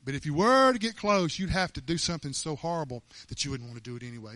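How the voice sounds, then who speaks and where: A man preaching a sermon in an animated, emphatic way, often laughing as he talks. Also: fairly high pitch, fast, hardly any pauses, no echo.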